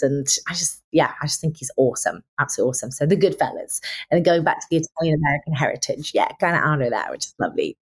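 A young actress chatting as a guest in a casual interview, gushing and enthusiastic, with many fillers. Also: female voice, low-pitched, a little mellow, breathy edge.

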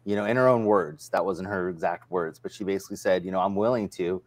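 Hosting a casual livestream, a man rambles and retells stories using quoted dialogue. He speaks quickly in a low-pitched voice, with no room sound.

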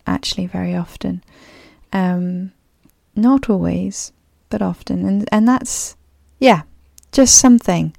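A woman's voice: mid-range voice, creaky, mellow, no echo, studio quality. A woman with a clipped, slightly posh English accent, musing thoughtfully on her solo podcast with frequent ums and restarts. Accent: English, clipped and a bit posh. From grew up abroad as a third culture kid. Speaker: podcast host. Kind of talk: reflective solo podcast monologue.

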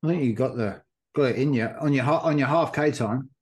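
Brief: podcast host, rambling, casual storyteller, average pitch. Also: male voice, a little fast. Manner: rambling storyteller with many fillers. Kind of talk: casual chat.

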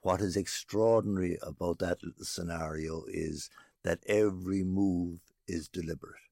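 A man's voice: sits low, fairly even intonation, moderate pace, gravelly, warm tone, dry recording, clean studio sound. A man co-hosting a podcast, agreeing and adding emphatic points. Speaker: podcast co-host. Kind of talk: casual discussion.

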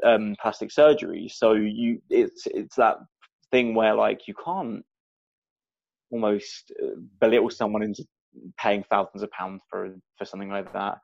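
Young guy, gravelly and low, dull muffled mic, talks in halting bits. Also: steady tone, darkish tone. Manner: halting, searching for words. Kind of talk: casual chat.

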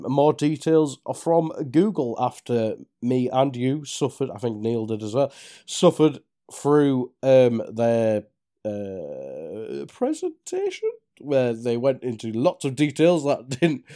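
A man's voice: medium pitch, warm tone. A man co-hosting a gaming podcast, joking around casually and laughing as he talks. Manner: jokey, laughs while talking. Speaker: podcast co-host.

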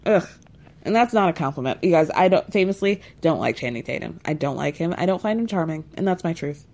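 A woman's voice: low-pitched, expressive, brisk, creaky, darkish tone. A woman hosting a podcast, recapping a reality show in a snarky, chatty way with many asides. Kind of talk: casual chat.

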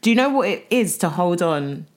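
Lively young woman in chat. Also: fairly low pitch. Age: young adult. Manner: animated, reactive, quick to laugh. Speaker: podcast co-host. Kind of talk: casual chat.

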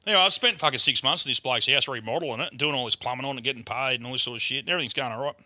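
A man's voice: medium pitch, racing, dry recording. An Australian man, a comedian, telling a crude story in casual chat. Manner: crude, swearing, animated yarn-telling. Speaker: guest comedian.

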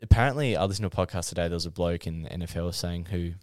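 A young man, co-hosting a casual podcast chat and talking in quick restless bursts full of restarts. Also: low voice, dry recording, studio quality. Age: young adult. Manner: animated, restless, lots of "like" and restarts. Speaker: podcast co-host.

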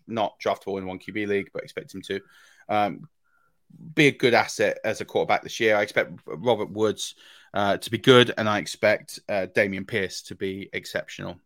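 A man's voice: lowish voice, a bit bright, dry recording. A man co-hosting a fantasy football podcast, giving casual analysis with many ums and restarts.

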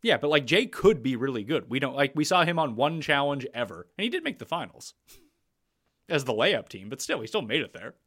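Male podcast host, blunt and opinionated, mid-pitched voice, easy casual chat. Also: sing-song, a little fast, fairly bright tone.

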